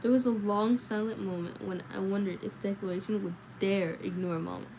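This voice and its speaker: A woman reading a novel aloud on a livestream, in a steady way with small slips and self-corrections. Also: medium pitch, fairly quick, a little hiss or hum, rough recording. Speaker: livestream book reader.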